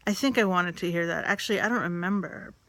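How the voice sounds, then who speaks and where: A woman's voice: on the low side, fast, fairly bright tone, no room sound. A woman telling a candid personal story, rambling and filled with "like" and "um".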